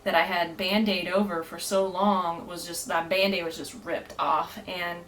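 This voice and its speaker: A woman's voice: fairly low pitch, steady tone, moderate pace, a bit bright, a little hiss or hum, rough recording. A woman guest on a podcast, telling her story earnestly with many fillers and frequent laughter. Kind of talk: casual storytelling.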